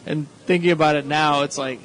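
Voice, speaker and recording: A man on a casual comedy podcast telling rambling anecdotes with quick jokes. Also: on the high side, steady tone, a bit bright, slight background noise, poor audio. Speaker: podcast co-host.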